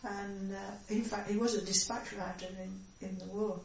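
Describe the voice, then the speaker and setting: An older woman from reminisces in a gentle, halting way, full of fillers. She sits far from the mic in a very echoey room, and the sound is dull. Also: medium pitch, steady tone, a little hiss or hum. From Sheffield area, England. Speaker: interviewee. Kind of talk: oral history reminiscence.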